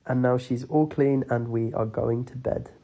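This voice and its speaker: A man talking in a casual, excitable vlog style, filming himself on a phone at home and out at a farm. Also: normal speed, lo-fi sound. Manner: chatty and excitable, coos high at animals. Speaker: vlogger.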